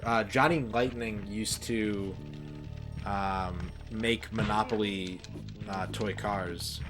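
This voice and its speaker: A young man chatting casually while he streams a game, rambling and sarcastic. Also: fairly low pitch. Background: game music.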